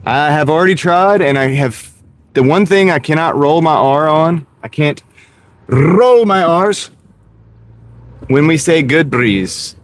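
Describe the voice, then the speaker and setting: A man's voice: fairly high pitch, moderate pace. A man and gig delivery driver streaming live from his car, chatting casually and joking at his own expense while greeting viewers by name. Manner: joking, self-mocking, talks to chat by name. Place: inside a car. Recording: car road noise.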